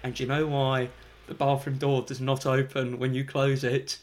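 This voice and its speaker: A young man co-hosting a casual chat, animatedly telling a story and acting out his own shouts. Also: mid-range voice, completely flat delivery, normal speed. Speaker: podcast co-host.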